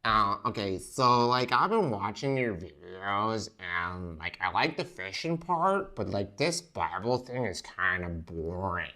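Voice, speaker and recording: A man's voice: fairly low pitch, animated, a little slow, few pauses, bright, forceful tone, voice pushed down, full character voice. A man voicing a bored young male viewer who drawls with lots of hesitation.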